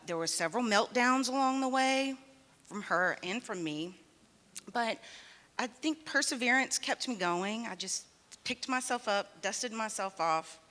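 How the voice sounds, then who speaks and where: A woman's voice: mid-range voice, bright, forceful tone. A woman in her forties giving an earnest personal talk as a summit speaker at an event in a museum. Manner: earnest, storytelling, quick laughs. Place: art museum event hall. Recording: long hall reverb.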